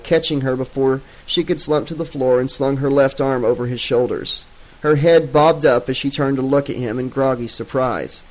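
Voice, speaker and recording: A man narrating a horror audiobook in a steady, dramatic reading. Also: medium pitch, poor audio.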